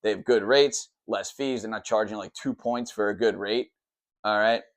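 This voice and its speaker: A man who works as a mortgage lender, explaining the loan process at a whiteboard in a quick, rambling way, always checking in with "okay" and "all right". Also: fairly low pitch, steady tone. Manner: says he talks fast and tries to slow down.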